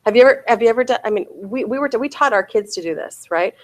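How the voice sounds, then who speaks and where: A woman's voice: fairly high pitch, quick pace, few pauses. A woman in her forties giving a real estate sales bootcamp talk, often asking her audience "right?" and "okay?".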